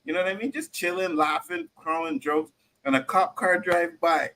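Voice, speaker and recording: A man from Canada hosting a casual panel podcast, telling stories in a lively, profane way and acting out the quotes. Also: a little high, normal speed, a little hiss or hum, low-quality recording. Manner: animated storytelling, profane, acts out quotes. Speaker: podcast host.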